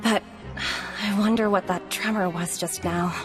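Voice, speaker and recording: Casting: woman playing a gentle young game heroine, slow soft delivery, violin music behind. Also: mid-range voice, fairly even intonation, lightly acted. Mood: wondering. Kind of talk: video game voice acting.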